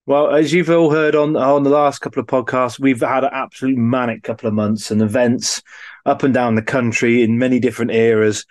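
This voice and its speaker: A man's voice: medium pitch, steady tone, a little fast, dry recording. A man co-hosting a podcast in casual, rambling chat with frequent restarts. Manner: chatty, rambling, with restarts and laughs. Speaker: podcast co-host.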